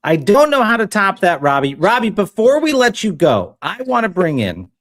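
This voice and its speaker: A man hosting a political talk show, giving brisk news updates and teasing questions to his guest. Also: high voice, huge pitch swings, a bit bright. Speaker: host.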